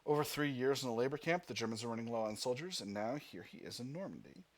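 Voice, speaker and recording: Lively-voiced man playing a game aloud. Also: medium pitch, fast. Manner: thinks aloud with fillers and restarts between read passages. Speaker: gaming channel host. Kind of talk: let's play commentary, reading game text aloud.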